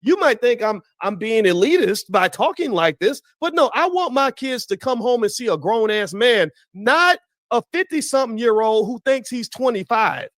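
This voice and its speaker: A man's voice: very high-pitched, very animated, normal speed, a bit bright, dry recording, clean studio sound. A man giving impassioned, preachy opinion commentary while talking straight to his viewers.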